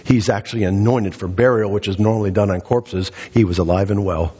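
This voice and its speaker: A male pastor preaching a sermon, emphatic and repetitive, swinging his pitch up and down and short of breath. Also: fairly even intonation, a little fast, warm tone, husky, in a large hall, highs cut off. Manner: emphatic, repeats phrases, dramatic pitch swings. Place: church sanctuary.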